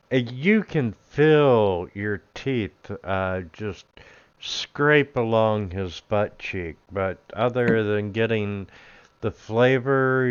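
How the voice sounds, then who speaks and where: A man narrating a tabletop game as game master in an unhurried, chuckling way. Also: fairly low pitch, smooth, no room sound, muffled recording.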